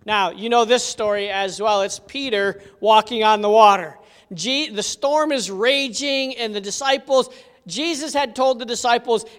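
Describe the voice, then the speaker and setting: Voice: medium pitch, moderate pace, fairly bright tone, clear, resonant tone. A Bible teacher giving an interactive lesson, telling stories with animation and asking the audience questions. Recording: long hall reverb.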